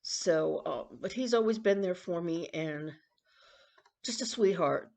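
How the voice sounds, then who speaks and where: A woman in her sixties rambling and confiding in a casual personal vlog, with coughs and throat-clearing. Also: fairly low pitch, measured pace, darkish tone. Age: 60s. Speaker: vlogger.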